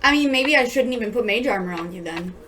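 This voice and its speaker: Woman at the game table, slightly high voice, kinda hesitant. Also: expressive, fast talker, pushed and bright, slight background noise. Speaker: player. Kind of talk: casual tabletop play.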